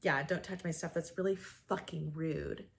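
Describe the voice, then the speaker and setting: A woman's voice: sits low, moderate pace, vocal fry. A woman imitating a rude, angry female neighbor who scolds in a snippy way. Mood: annoyed scolding.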